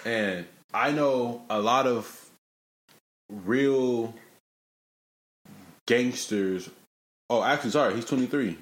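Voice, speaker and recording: A young man hosting a casual podcast, telling stories in lively slang and breaking into rap lines. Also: mid-range voice, takes it slowly, pauses often. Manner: animated, slangy storytelling with bursts of rapping. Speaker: podcast host.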